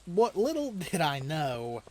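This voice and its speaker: A man's voice: fairly high pitch, wildly swooping pitch, takes it slowly, darkish tone. A man hosting a let's play, casually telling a long story while he plays a video game, often chuckling and rambling with restarts. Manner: loose, rambling delivery with restarts.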